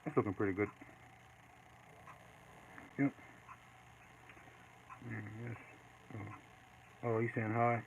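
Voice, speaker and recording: A man casually chatting while he draws live, reading and answering viewer comments in a relaxed way. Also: lowish voice, slow, pauses often. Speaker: artist streaming live. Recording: dull lo-fi with faint noise.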